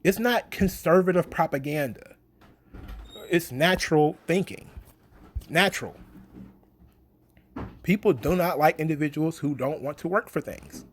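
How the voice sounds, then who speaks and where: A man's voice: fairly high pitch, unhurried, pauses often, slight background noise. A man in a casual opinion rant about wrestling, blunt, sarcastic and profane. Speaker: wrestling commentary vlogger.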